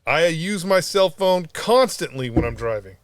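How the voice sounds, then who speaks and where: A man's voice: fairly high pitch, normal speed, a little hiss or hum. A man telling a story on a casual podcast, rambling and swearing freely as he goes. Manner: rambling, profane, animated storyteller. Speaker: podcast co-host.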